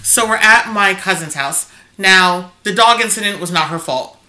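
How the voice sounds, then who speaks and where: Bright-toned woman telling a story. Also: medium pitch, normal speed. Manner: chatty anecdotal storyteller, acting out quotes. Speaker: podcast co-host. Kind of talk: casual chat.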